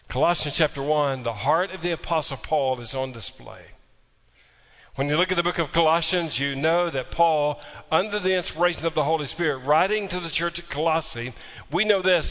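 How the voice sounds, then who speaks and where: A man's voice: fairly high pitch, normal speed, fairly bright tone. Pastor, male, folksy storytelling turning emphatic, long hall reverb. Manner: storytelling with humor, then emphatic preaching. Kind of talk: sermon.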